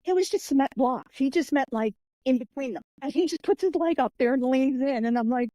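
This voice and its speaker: In a podcast interview, a female guest who is an author and martial artist tells stories with animation, slipping into the voices of the people she describes. Her voice sits high and moves fairly quickly, its tone mellow and warm rather than bright. The recording is dry and close, without room echo.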